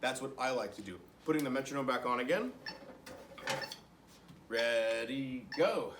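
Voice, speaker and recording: A man's voice: medium pitch, animated, a little slow, reverberant, far from the mic, background noise. A young man teaching an online music lesson to children, encouraging them and counting rhythms aloud as he claps.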